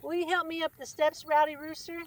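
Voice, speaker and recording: A woman's voice: flat delivery, brisk, lightly acted. A woman doing a tiny pleading boy frog. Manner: high, whiny and pleading. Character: tiny young male frog, tearful and pleading.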